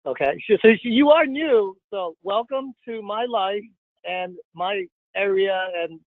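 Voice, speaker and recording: A man hosting a casual podcast, talking in an excitable, giggly, coaxing way. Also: sits high, a little slow, dry recording. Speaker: podcast host. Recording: dry tinny phone-like audio.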